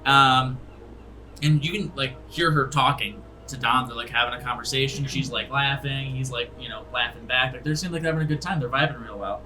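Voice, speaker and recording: A man's voice: medium pitch, brisk, sharp tone, faint music behind, rough recording. Casual young man running a tabletop game. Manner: casual, lots of ums and likes. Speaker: game master.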